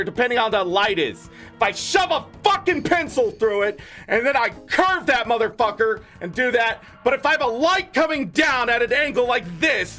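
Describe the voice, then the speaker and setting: A man's voice: very high voice, pushed and bright. A man streaming a game, ranting in an angry, profane, heated way. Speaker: gaming streamer. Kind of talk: ranting commentary over a game.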